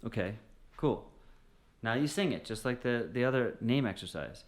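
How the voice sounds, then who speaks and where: A man teaching singing straight to the camera in a relaxed, encouraging way, now and then singing short phrases. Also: mid-range voice, moderate pace. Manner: encouraging, conversational, often sings short phrases. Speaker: music teacher. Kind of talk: direct-to-camera singing lesson.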